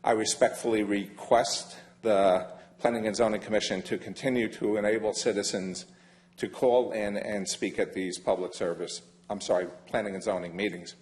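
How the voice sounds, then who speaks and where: An older man giving a formal public comment at a county meeting, measured and emphatic, leaning hard on key words. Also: fairly low pitch, steady tone, a little mellow. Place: county council chamber.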